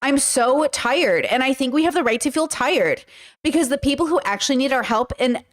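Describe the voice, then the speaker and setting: A woman's voice: high-pitched, expressive, normal speed. A woman from the Bronx, hosting a podcast and reacting in heated, slangy commentary. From the Bronx, New York. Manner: heated, exasperated, slangy, calls listeners bros and girl. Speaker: podcast host.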